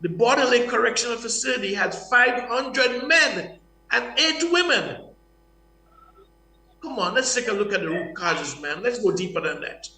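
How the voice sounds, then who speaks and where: Man, preachy guest talk, bright tense voice, echoey room. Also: extremely high pitch, lively intonation, moderate pace, distant mic, soft background music. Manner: preachy, repeats words, restarts. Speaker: guest speaker. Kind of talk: impassioned morning-show talk.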